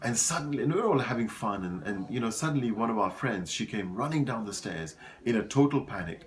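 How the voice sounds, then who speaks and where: A man's voice: mid-range voice, quick pace. A man giving a motivational talk, telling stories and speaking to his listeners as folks, repeating words for emphasis. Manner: animated storyteller addressing listeners as folks.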